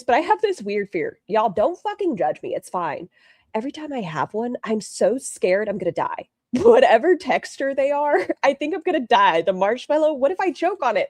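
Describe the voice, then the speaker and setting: A woman's voice: high voice, no echo, studio quality. A woman streaming live, chatting casually, swearing freely and answering her chat while reacting to a video. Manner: chatty, profane, reads chat aloud.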